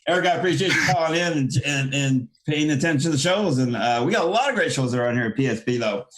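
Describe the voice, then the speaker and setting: A man hosting a casual call-in show, chatting easily and thinking aloud as he works the call software. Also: on the high side, expressive, fast talker. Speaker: show host.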